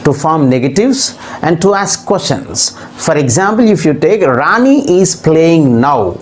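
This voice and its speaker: Woman, low voice, patient grammar teacher who goes step by step. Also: big pitch swings, a little slow, darkish tone. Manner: patient, explains step by step with repeated examples. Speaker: English teacher. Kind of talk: grammar lesson.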